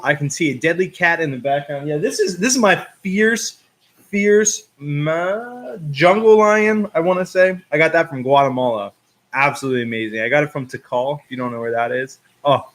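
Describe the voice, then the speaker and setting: A man with a slightly raised, fairly high speaking voice hosts a relaxed live stream. He chats along, reads out viewer comments, and laughs at himself between loose filler words. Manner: chatty, reads out viewer comments and greets them. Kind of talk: casual live-stream chat.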